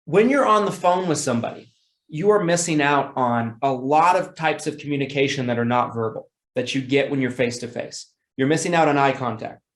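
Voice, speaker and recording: A man's voice: a little high, reverberant. A man teaching sales calls in a casual, repetitive way, acting out phone scripts in an upbeat tone. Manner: demonstrates phone scripts with bright, excited tones; casual, repeats words, self-corrects. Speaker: sales trainer. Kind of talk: sales training talk.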